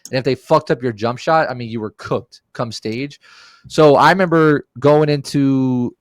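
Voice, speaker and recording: A man's voice: medium pitch, moderate pace, no echo. A man on a podcast telling a rowdy, profane story in casual chat and acting out the quotes. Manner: animated, profane, acts out quotes.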